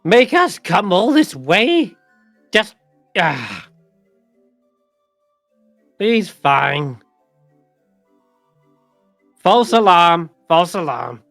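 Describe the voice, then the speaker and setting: Fussy old goblin, scolding and cryptic, slightly high and dry, as a man puts him on. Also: very animated, drawn-out words, gravelly, pauses often, a bit bright, dry recording, soft background music, heavily acted. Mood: grumbling.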